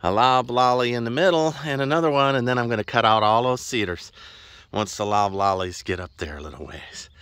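This clip is a casual walk-and-talk vlog in which a farmer strolls his land, a wet meadow on his ranch, talking folksily and chatting with his horse. His medium-pitched voice is brisk and fairly bright, and the sound is clean and studio-like with no room sound.

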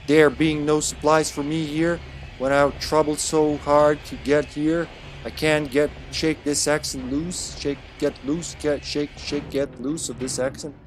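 A man's voice: on the high side, a little hiss or hum. A man giving live gameplay commentary as a streamer, joking crudely and talking back to the game.

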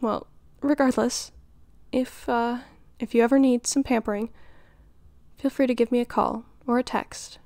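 A woman's voice: on the high side, steady tone, measured pace, darkish tone, dry recording. Woman playing a doting, flirty friend's mom. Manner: nurturing, teasing, giggly, flustered. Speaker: voice actor in audio role-play. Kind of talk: audio role-play.

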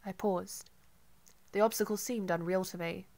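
A woman narrating an audiobook in an intimate, measured first-person reading. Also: mid-range voice, fairly even intonation, a little mellow.

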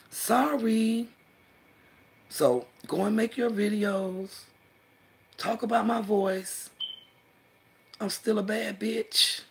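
A woman's voice: animated, takes it slowly, long pauses, slightly rough. Brash, profane woman trash-talking. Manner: brash, profane, swings between low mutters and loud outbursts; mocking, laughs through her words. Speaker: vlogger. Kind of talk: heated trash-talk monologue.

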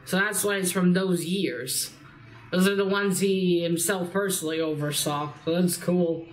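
A woman's voice: on the low side, a little slow. Casual woman with a slight cold. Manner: rambling, casual, swears lightly. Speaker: book vlogger. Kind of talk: casual reading vlog chat.

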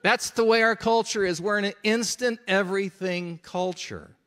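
A man's voice: high voice, fairly even intonation, normal speed, a bit bright. A man preaching a sermon in an earnest, conversational, emphatic way.

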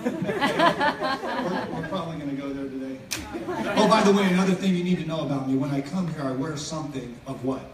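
A man's voice: a little high, very animated, a little fast, crowd noise. Joking middle-aged male guest preacher, echoey. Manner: joking, chatty, self-interrupting. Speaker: guest speaker. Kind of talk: casual sermon. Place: church venue. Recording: echoey hall from far off, faint noise.

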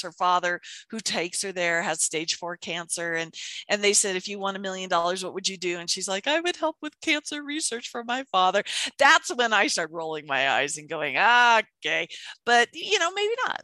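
Bright lively woman chatting on a podcast, acts out little quotes, dry close sound. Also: lowish voice, no echo. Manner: animated storytelling, acts out quotes, laughs often. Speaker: podcast co-host. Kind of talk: casual chat about manifestation.

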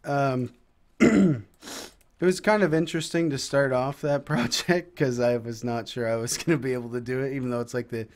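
A man's voice: mid-range voice, moderate pace. A young man co-hosting a casual chat and narrating gameplay, laid-back with dry comebacks. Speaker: co-host.

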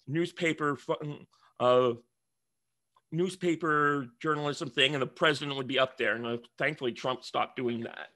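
A man's voice: mid-range voice, a bit bright, dry recording. A man giving casual commentary while reviewing a book, rambling and correcting himself, with sarcastic asides as he reads passages aloud.

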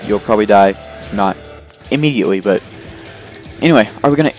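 A man's voice: lowish voice, brisk, a little mellow. Rambling, jokey male game commentator. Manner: rambling, self-deprecating, jokey, lots of fillers. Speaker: let's play host. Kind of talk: casual gameplay commentary. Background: faint game music.

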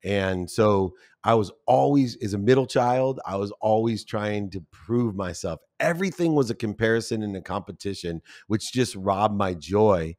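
A man's voice: on the low side, normal speed, hardly any pauses, darkish tone. A man in his fifties, a podcast guest, telling a personal story with feeling and acting out the people he quotes. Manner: emotional, acts out quoted voices.

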